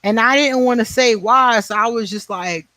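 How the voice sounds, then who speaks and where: A man in his forties, his voice pitched high, chats on a livestream in a blunt, profane way, laughing often and thanking viewers by name. The sound is dry and close, with no room echo. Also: normal speed, sharp tone. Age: 40s. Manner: answers viewer comments by name. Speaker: livestream host. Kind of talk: casual livestream chat.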